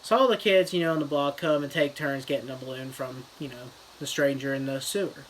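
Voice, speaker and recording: A man's voice: medium pitch, brisk, fairly bright tone, slight background noise, rough recording. A man retelling a story as a mock review, in a loose, rambling style full of fillers. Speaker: comedy reviewer.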